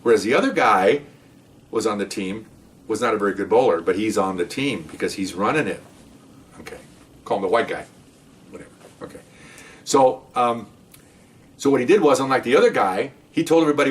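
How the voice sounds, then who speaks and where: A middle-aged man and former police detective telling stories from the job in a casual, animated way. He often acts out what people said and keeps checking in with "okay?". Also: fairly low pitch, a little fast, long pauses, far from the mic. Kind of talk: casual storytelling podcast.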